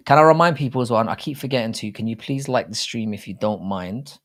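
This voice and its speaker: A man co-hosting a live stream, talking in a relaxed, casual way with small restarts. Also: mid-range voice, quick pace. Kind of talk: casual chat.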